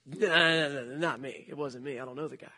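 A man's voice: medium pitch, fast, pushed and bright, husky, pitched below the performer's own voice, full character voice. A man voicing a frightened adult disciple who nervously denies knowing his friend in hesitant, mumbled phrases. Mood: nervous denial.

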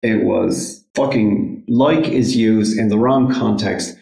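A man's voice: lowish voice, takes it slowly, vocal fry, dark tone. A man in his forties from Ireland in a casual podcast chat, blunt and insistent, swearing freely. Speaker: podcast co-host. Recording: echoey room.

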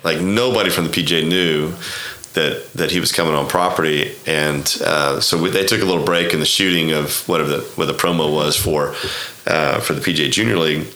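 Deep-voiced man telling golf stories. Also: fairly even intonation, fairly quick, bright, forceful tone, echoey room. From Oklahoma. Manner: rambling, acts out quoted dialogue, frequent restarts. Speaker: golf club director, podcast guest. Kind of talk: casual storytelling interview.

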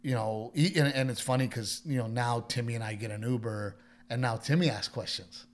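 Brief: man, comedian, animated storyteller, mid-pitched voice, quotes people in character. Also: a little fast. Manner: animated storyteller who quotes others in their voices, swears. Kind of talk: casual chat, storytelling.

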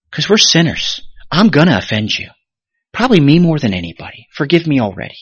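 A pastor delivering a sermon, his voice leaping high and loud on a point and then sinking to a low near-whisper. He brings the congregation's voices to life as he quotes them. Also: brisk, slightly rough, no room sound, lo-fi sound. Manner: animated preaching with sudden rises and hushed drops.

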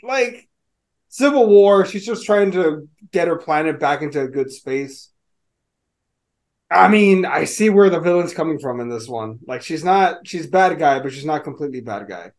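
Lively high-voiced man, swearing. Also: moderate pace. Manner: animated, swears freely. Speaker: podcast co-host. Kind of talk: casual chat.

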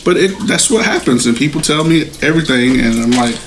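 A man's voice: medium pitch, fairly quick, noisy background. A man in casual podcast chat, talking in an earnest, reflective way. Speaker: podcast co-host.

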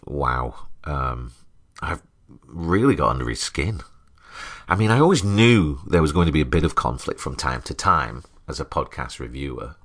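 A man's voice: very deep voice, animated, normal speed, a bit bright. A man hosting a podcast, reviewing other podcasts in a dry, matter-of-fact comedic monologue.

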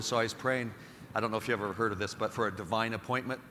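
A middle-aged Catholic priest gives a homily full of animated, self-deprecating stories. His voice sits fairly low, and each phrase rings out in the long reverb of the church. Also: fast, slight background noise.

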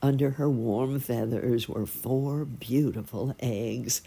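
Slow husky woman reading a children's story. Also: extremely low pitch. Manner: slow, gentle, expressive storytelling.

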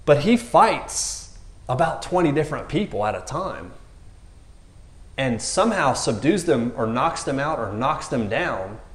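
A man gives a loose, conversational sermon, his pitch swinging widely as he jokes and acts out the characters in the story. The sound rings in an echoey room. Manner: animated, jokey, acts out characters with raised voices. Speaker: preacher. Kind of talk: casual sermon.

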